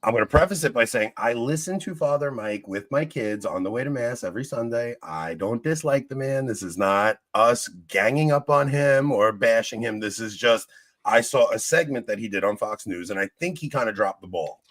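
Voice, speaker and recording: A young man co-hosting a casual chat show, spinning a story with plenty of laughter and jokey exaggeration. His voice sits at a middle pitch. The recording is dry and close. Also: lively intonation, normal speed, a bit bright, no echo. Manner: laughing often, joking, mimics people in stories. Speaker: podcast co-host.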